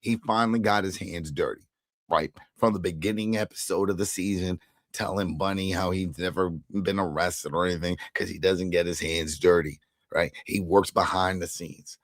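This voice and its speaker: A man co-hosting a casual TV recap chat, retelling scenes with animated quoted lines. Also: low voice, normal speed, no echo, clean studio sound. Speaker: podcast co-host.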